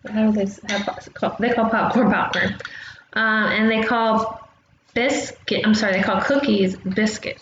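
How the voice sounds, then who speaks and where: A chatty woman explains things simply to young children, pausing often as she goes. She is recorded on a laptop microphone in a room at home. The sound is dull and roomy, with steady noise behind her. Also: medium pitch. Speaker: travel agent host. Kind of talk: casual lesson for young children.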